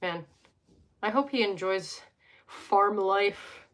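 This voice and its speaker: A woman's voice: mid-range voice, slow, fairly bright tone. A young woman hosting a casual live stream from home, reading tarot cards and chatting with viewers, joking and wandering off into asides.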